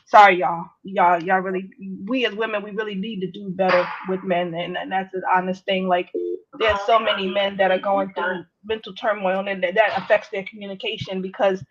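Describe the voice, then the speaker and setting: A woman's voice: mid-range voice, level tone, a little fast, background noise. Earnest woman guest, lo-fi sound. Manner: earnest, a little hesitant. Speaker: podcast guest. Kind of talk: casual chat. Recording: dull lo-fi sound.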